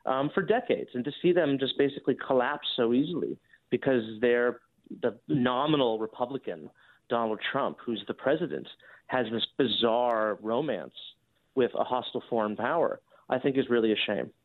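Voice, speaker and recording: A man appearing as a guest commentator on a radio show, earnest and measured, giving a critical view. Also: mid-range voice, no echo. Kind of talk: phone-in interview. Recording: tinny phone line.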